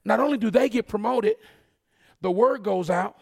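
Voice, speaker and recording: A man preaching a fervent sermon, calling out to the congregation and rising into shouts. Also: high voice, normal speed, creaky.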